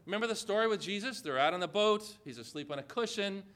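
A man delivers a sermon in a bright, slightly high voice. He reads scripture and then presses the congregation with emphatic rhetorical questions and dramatic pauses. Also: animated. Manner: asks the listeners direct rhetorical questions. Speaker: pastor.

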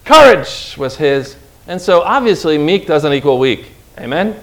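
A man's voice: a little high, sing-song, a little slow. A man preaching a sermon with emphasis, often putting questions to his listeners by name.

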